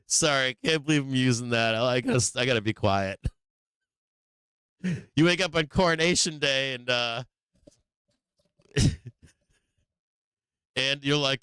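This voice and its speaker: Host: man, bright, crisp voice, profane and animated, live trading commentary, dry close mic. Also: mid-range voice, slow, long pauses, no room sound. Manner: profane, animated, laughs often, acts out the market. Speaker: livestream trading show host.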